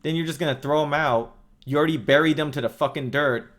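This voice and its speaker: A man's voice: a little high, fast, a bit bright. A man delivering an angry, profanity-filled rant as a vlogger, cursing constantly and mocking his target with sarcastic quotes. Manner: heated, sweary, sarcastic mock quotes. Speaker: wrestling vlogger.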